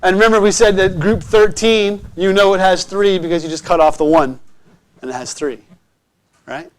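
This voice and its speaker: Teacher: man, fairly high voice, upbeat and encouraging, frequent comprehension checks. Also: normal speed. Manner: encouraging, checks understanding often. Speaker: chemistry teacher. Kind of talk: classroom lecture. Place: classroom.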